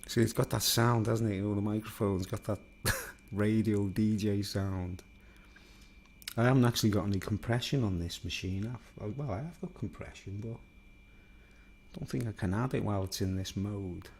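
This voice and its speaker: A man with a Liverpool accent chatting casually to viewers from a home studio in a block of flats, rambling and self-mocking on a studio microphone. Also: lowish voice, normal speed, breathy edge. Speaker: YouTuber. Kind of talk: casual chat to camera. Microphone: studio microphone, then a recorder's built-in mics.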